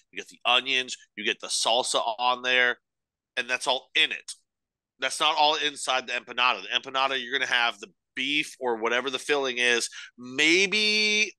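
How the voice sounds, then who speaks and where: A young adult man co-hosting a podcast, arguing his point in animated, opinionated, sweary casual talk. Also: mid-range voice, clean tone, no echo. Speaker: podcast co-host.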